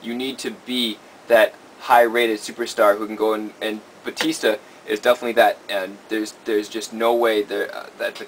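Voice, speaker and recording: A man co-hosting a casual talk show, running a segment and calmly explaining his picks. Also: on the low side, normal speed, few pauses, slight background noise.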